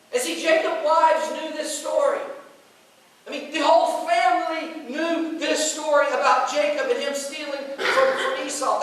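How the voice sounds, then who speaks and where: A man's voice: very high voice, fairly bright tone, slight background noise. Guy preaching a story sermon, lots of restarts, big echoey church sound. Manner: retelling a story with quoted voices and frequent restarts. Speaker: pastor. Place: church sanctuary. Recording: very echoey church room, mic far off.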